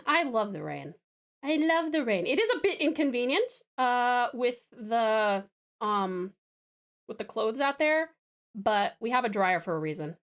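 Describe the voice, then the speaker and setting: A woman's voice: mid-range voice, a bit bright. An Australian woman from Tasmania, chatting with her viewers on a live stream, bubbly and giggly, often gasping and laughing. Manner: affectionate with viewers. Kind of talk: casual live-stream chat.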